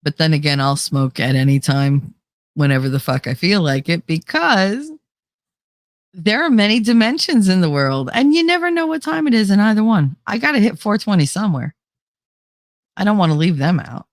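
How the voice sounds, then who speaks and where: A woman's voice: fairly low pitch, big pitch swings, normal speed, no echo, studio quality. A woman with a New Jersey accent hosting a casual livestream chat, laughing often and going nasal at times. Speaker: host.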